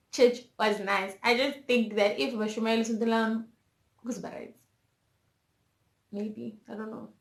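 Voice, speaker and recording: A woman's voice: on the high side, fairly even intonation, slow, vocal fry, pauses often. Young South African woman, emotional vlog. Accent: South African, Zulu-inflected. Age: young adult. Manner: candid, emotional, code-switching between English and Zulu. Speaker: vlogger. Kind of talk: personal storytime. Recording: roomy echo.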